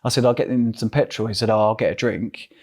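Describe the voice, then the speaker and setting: A man's voice: fairly low pitch, quick pace. Essex man telling a rambling story. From England. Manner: rambling, animated storytelling with acted-out quotes. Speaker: interview guest. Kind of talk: storytelling in a casual interview.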